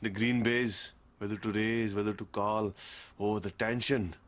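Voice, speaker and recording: An actor playing a wry, cheeky middle-aged shopkeeper with a Glaswegian accent and a South Asian undertone, in a sitcom clip. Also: male voice, on the low side, fairly even intonation, a little slow, a bit bright. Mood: theatrical. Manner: dry, sarcastic, theatrical.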